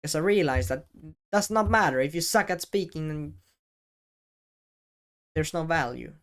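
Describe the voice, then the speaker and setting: A man who makes educational videos, giving advice straight to the camera in a deliberate way, with pauses and stress on key words. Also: a little high, expressive. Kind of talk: talking-head advice vlog. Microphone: camera-facing setup.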